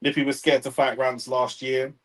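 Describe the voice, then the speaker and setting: A young man with a London accent chats loosely on a live stream, his voice a little husky. He trails his sentences with slangy tags and reacts to viewer comments. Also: mid-range voice, little pitch movement, moderate pace, fairly bright tone, rough recording. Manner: slangy, trailing off with bro and innit. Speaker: watchalong co-host. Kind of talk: casual banter reading chat.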